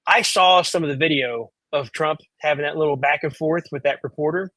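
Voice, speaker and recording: A man co-hosting a casual podcast, rambling and swearing in a self-mocking way. His voice sits high for a man. The recording is dry and close. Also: brisk, bright, forceful tone, dry recording. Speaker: podcast co-host. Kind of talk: casual chat.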